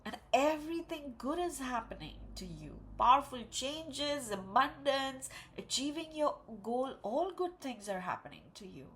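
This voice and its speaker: A woman giving an emotional, encouraging tarot card reading, speaking slowly and with emphasis. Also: sits high, sing-song, a bit bright, a little hiss or hum. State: tearful. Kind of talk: spiritual pick-a-card reading.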